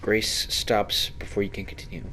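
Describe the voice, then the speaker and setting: A man narrating a video game playthrough, reading its text aloud in a steady, descriptive manner. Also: lowish voice, normal speed, slight background noise. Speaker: let's play narrator.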